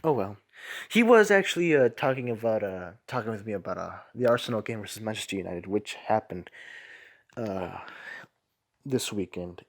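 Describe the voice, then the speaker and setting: A man hosting a casual soccer review show, talking in a rambling, chatty way and often correcting himself. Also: medium pitch. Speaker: host.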